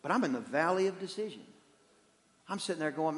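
A high-voiced man preaching in a church, his voice ringing with long reverb through the hall. He is animated, swinging from loud shouts to hushed, quiet stretches. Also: fast. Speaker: pastor. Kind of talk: sermon. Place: church sanctuary.

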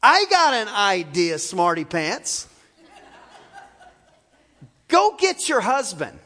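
A patient man resting by a well, dryly teasing in a slow, low drawl, played by a male preacher. The words hang in a long reverberant echo. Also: wildly swooping pitch, sharp tone, exaggerated voice.

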